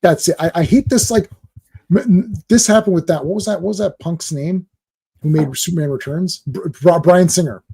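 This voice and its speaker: A man hosting a live stream, ranting and swearing, dropping into quick impressions of other people. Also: high voice, gravelly, mellow, slightly rough. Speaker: host.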